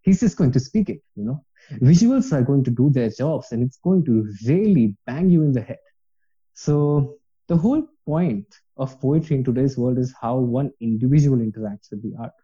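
A man's voice: medium pitch, animated, normal speed, dark tone, breathy edge, dull audio. A man talking earnestly and passionately about reading poetry, rambling with many fillers in a casual podcast chat.

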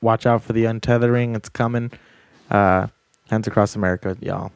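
A man's voice: lowish voice, steady tone, normal speed, vocal fry, clean tone, no room sound. A man co-hosting a podcast, bantering loosely and casually with plenty of swearing. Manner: loose, profane, laid-back banter. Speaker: podcast co-host. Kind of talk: casual chat.

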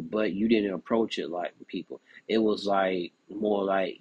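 Man, young adult, husky, dry close mic, casual commentary. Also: low voice, normal speed, hardly any pauses, dry recording. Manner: animated, frequent "you know what I'm saying". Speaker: podcast host.

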